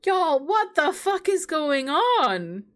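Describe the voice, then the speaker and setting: Woman streamer, very high voice, lively, loud reactions, faint game music behind. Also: takes it slowly. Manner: loud, reactive and laughing, swears freely. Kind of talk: casual gameplay commentary.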